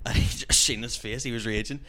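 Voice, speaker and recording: A man's voice: mid-range voice, fairly even intonation, brisk, sharp tone. A man, a stand-up comedian chatting casually and laughing through his stories. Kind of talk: casual podcast chat.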